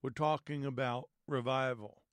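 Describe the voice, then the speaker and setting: A man with a slightly raspy voice from allergies, leading prayer and Bible teaching as host of an online faith show. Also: mid-range voice, steady tone, no echo. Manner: earnest, measured, prayerful.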